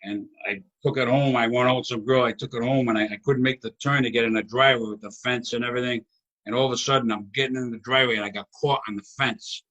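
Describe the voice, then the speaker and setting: Bright-voiced older male storyteller host. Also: medium pitch, quick pace. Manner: rambling comic storyteller, animated. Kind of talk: casual chat storytelling.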